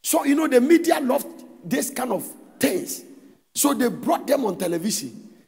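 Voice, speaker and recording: A man with a Ghanaian English accent preaching a sermon as pastor, swinging between shouted, sing-song exhortation and quieter storytelling. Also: very high-pitched, very animated, moderate pace, gravelly, husky, long reverb tail. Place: church hall.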